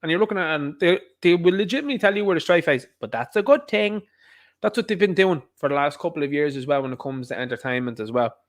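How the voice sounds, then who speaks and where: An Irish man talks straight to his audience in a forceful, opinionated monologue. His voice sits a little higher than most men's. He hammers his points with repetition and rhetorical questions. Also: very fast, hardly any pauses. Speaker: online commentator.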